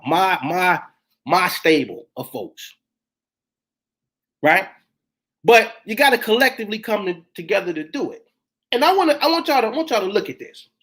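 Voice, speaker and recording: A fiery woman preacher whose pitch swings widely from line to line. She hammers her points home and keeps firing rhetorical questions at the crowd. Her talk has the loose, fervent push of a live teaching session. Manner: emphatic, full of rhetorical questions and call-outs. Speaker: minister. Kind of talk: impassioned spiritual teaching talk.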